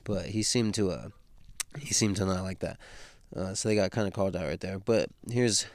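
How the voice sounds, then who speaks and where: A man's voice: low-pitched, normal speed, dry recording. Laid-back, slangy man recapping a book. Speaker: book read-through host.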